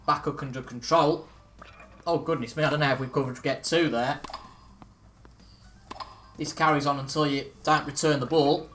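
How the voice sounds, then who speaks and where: A man's voice: on the high side, a bit bright, a little hiss or hum. A young man casually commentating on a video game, chatty and self-mocking, reacting aloud as he plays. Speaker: gaming video host. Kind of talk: casual let's-play commentary.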